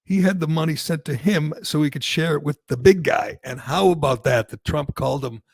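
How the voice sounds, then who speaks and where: A man hosting a talk show, talking in a casual, opinionated and animated way. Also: on the high side, fairly quick, dry recording, studio quality. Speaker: radio talk show host.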